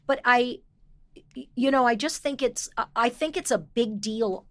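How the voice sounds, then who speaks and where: A woman voice actor talking as a podcast guest, enthusiastic and quick with asides, often restarting her thoughts. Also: a little high, a bit bright. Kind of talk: casual interview chat.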